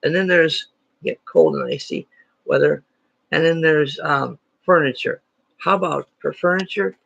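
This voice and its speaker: A man teaches a playful lesson, cracking self-deprecating jokes along the way. His voice is heavily gravelly and a little husky, sitting slightly high for a man. The recording is dry and dull, with a lo-fi edge. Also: unhurried, fairly bright tone, no room sound. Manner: jokey, self-deprecating asides.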